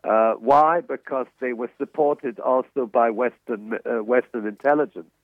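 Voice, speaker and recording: An older man, a professor emeritus, answering interview questions in a halting way, with many restarts and fillers. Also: medium pitch, dry recording. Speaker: interview guest, author and emeritus economics professor. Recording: tinny phone line.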